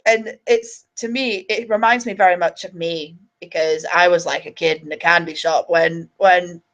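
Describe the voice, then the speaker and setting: A woman's voice: fairly low pitch, steady tone, moderate pace, lo-fi sound. Ranty, sweary woman. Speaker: livestream host. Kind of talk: ranting live stream.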